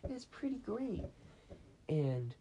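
A man's voice: high-pitched, very animated, slow pace, creaky, mellow, slight background noise. A man hosting a casual podcast, retelling a story in a rambling way with many restarts, recorded on a phone. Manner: meandering, full of restarts and acted quotes. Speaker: podcast host.

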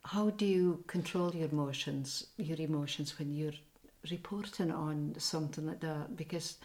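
Low-voiced woman interviewer. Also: normal speed, a little mellow. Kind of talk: interview questions.

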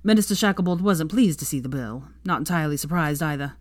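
An irreverent young wizard, as a woman reader puts him on, low-voiced, dry and teasing. He sounds wry and amused in a storybook reading, recorded with a dry, close sound. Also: fast, no room sound, close to an everyday voice. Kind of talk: audiobook fan-fiction reading.

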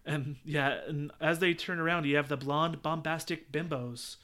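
Bright, clear-voiced man chatting. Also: fairly high pitch, moderate pace. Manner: animated, jokey, acts out movie lines. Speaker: podcast co-host. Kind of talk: casual chat.

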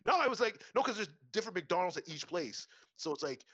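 A man's voice: sits high, sing-song, fast talker, fairly bright tone, husky, no echo, muffled recording. A young man telling stories in casual chat, rambling and profane, full of fillers and restarts.

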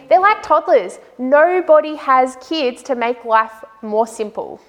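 A woman with a fairly high voice shares her personal testimony of faith. She speaks in an earnest, heartfelt way and often slips "like" into her sentences. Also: lively intonation, slow. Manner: earnest and heartfelt, frequent "like" fillers.

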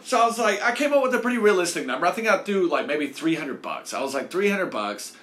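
Animated male host, rambling storyteller, softened swearing, echoey room. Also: sits high, quick pace. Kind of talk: casual storytelling.

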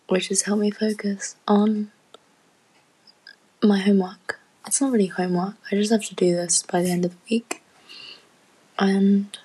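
A woman talks at an unhurried pace, her voice breathy and a little husky. She rambles casually from home, laughing easily and leaning on fillers. Now and then her words thin out into a near-whisper. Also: medium pitch, darkish tone, low-quality recording. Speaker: student podcaster.

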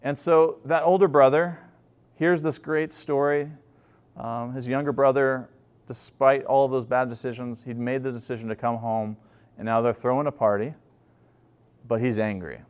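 A man's voice: medium pitch, steady tone, normal speed, darkish tone, smooth. A male pastor delivers a sermon as an easygoing story told to a congregation. He talks informally, often restarting his sentences and using filler words between thoughts.

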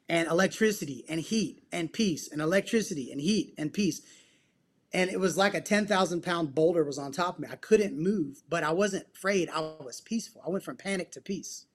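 Earnest man telling a personal story. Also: a little high. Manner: earnest, emphatic storytelling with casual slang. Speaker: podcast guest, psychotherapist and men's coach. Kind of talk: personal testimony in casual interview.

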